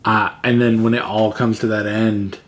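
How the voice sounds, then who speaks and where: Laid-back lower-voiced male podcaster. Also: level tone, normal speed. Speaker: podcast co-host. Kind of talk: casual chat.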